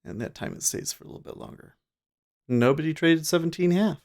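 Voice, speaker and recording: A man hosting a day trading livestream, casually thinking out loud in a relaxed, drowsy, rambling way. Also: a little high, fairly quick, vocal fry. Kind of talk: casual live market commentary. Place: home trading desk with large screens.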